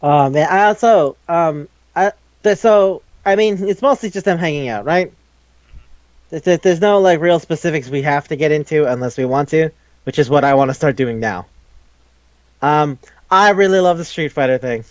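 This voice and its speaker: A man co-hosting a podcast in casual chat, rambling and swearing as he tells animated stories. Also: fairly high pitch, moderate pace, dry recording. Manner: rambling, profane, animated storytelling. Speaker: podcast co-host. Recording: dull lo-fi recording.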